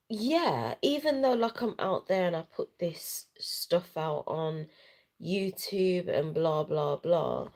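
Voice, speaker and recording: Young woman vlogger, tearful, low creaky voice, loose rambling phone chat. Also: lively intonation, takes it slowly. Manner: rambling, soft-spoken, trailing off. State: sad and tearful. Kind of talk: unplanned livestream chat. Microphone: handheld phone.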